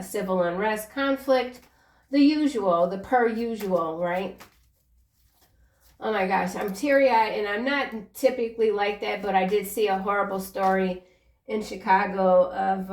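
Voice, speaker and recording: A woman's voice: medium pitch, a little mellow, far from the mic. Woman in her forties, tarot reader, chatty and encouraging; slightly off-mic in a roomy space. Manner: chatty, earnest, encouraging, drifts into personal asides. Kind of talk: casual tarot reading monologue.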